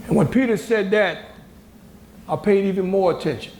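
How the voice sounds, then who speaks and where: Speaking a little fast and with long pauses, this gravelly, high-voiced older man from the United States spins a story as a guest on a moderated university panel. He acts out others' words in a lively, colloquial, emphatic way. There's a little hiss or hum over the roomy hall acoustics.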